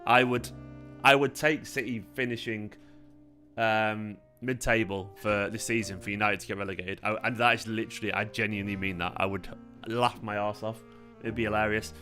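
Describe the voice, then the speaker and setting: A laid-back young man chats on a livestream, rambling along with plenty of fillers. His voice sounds tired, yet it keeps a bright, forward edge, and soft guitar music plays faintly behind him. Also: on the low side, fairly even intonation, moderate pace. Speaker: fan channel host. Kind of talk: casual livestream chat.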